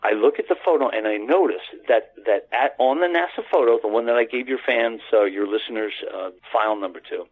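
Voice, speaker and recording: On a tinny phone line, a U.S. caller spins a lengthy, heartfelt tale as a radio guest, wandering and restarting again and again while addressing the host by name. He speaks at a medium pitch, fairly quickly, with hardly any pauses, in the relaxed way of call-in storytelling.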